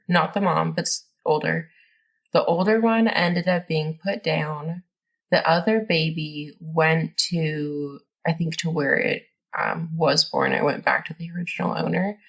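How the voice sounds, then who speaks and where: A woman's voice: sits low, lively intonation, measured pace, creaky. A woman guest on a podcast, telling her story in a rambling, casual way with many fillers and restarts.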